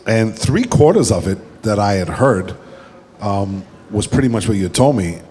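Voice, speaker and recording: Low-voiced male moderator. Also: expressive, normal speed, darkish tone. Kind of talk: on-stage interview.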